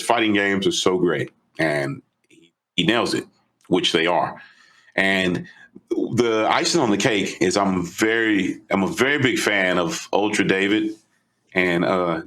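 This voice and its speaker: A man co-hosting a podcast, retelling a story in an animated, casual way. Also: low-pitched. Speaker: podcast co-host.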